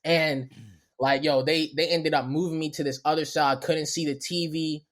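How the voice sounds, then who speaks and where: A young man casually telling a long, animated story on a podcast, often laughing and acting out what people said in a raised voice. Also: on the high side, normal speed.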